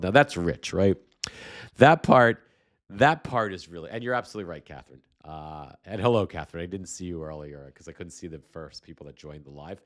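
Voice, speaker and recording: Deep-voiced sarcastic man hosting a livestream. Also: lively intonation, brisk, fairly bright tone. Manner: sarcastic, rambling with restarts. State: recovering from a cold, slight cough. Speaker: livestream host. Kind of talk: casual live political commentary.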